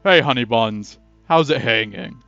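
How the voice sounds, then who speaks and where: A man's voice: medium pitch, unhurried, pushed and bright, no echo, pitched below the performer's own voice. Guy putting on a cocky flirty orc voice, kinda dull lo-fi mic, faint music under it. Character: flirty swaggering male orc.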